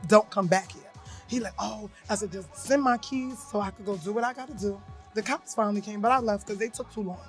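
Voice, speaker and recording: A woman's voice: medium pitch, fast, faint music behind. A woman co-hosting a podcast, telling a personal story bluntly in casual chat and acting out the voices she quotes. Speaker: podcast co-host.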